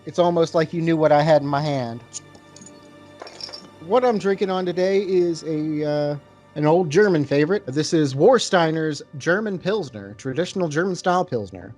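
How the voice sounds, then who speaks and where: A man hosting a casual podcast chat, rambling and relaxed, with lots of fillers as he tastes and describes a beer. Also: on the high side, moderate pace, faint music behind.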